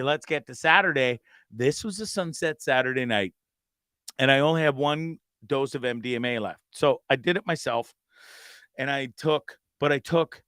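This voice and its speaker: A man's voice: mid-range voice, a bit bright, clean tone, dry recording. A male host telling a rambling, profane story with many stammered restarts. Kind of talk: casual storytelling.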